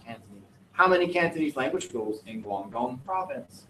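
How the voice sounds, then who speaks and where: A man's voice: medium pitch, animated, normal speed, a bit bright, slight background noise. A male teacher reading student work aloud to his class and giving feedback, with joking, wry asides. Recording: echoey classroom, distant mic.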